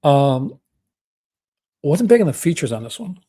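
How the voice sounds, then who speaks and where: A chatty, enthusiastic Canadian man hosts a casual livestream, peppering his talk with fillers and restarts. His slightly high voice is very animated, dark in tone with a breathy edge, and he keeps a measured pace.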